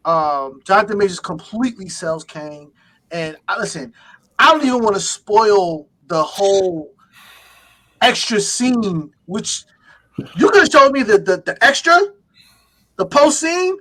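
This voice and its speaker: A man co-hosting a casual movie reaction podcast, excitable and repeating himself. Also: high voice. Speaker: podcast co-host.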